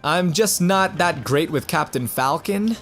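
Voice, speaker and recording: A young man talks through a fighting game with a lively, bouncing voice that sits a little high. He rambles, stammers and corrects himself as he plays. Faint game music runs beneath his talk. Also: a little slow. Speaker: gaming channel host. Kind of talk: let's play commentary.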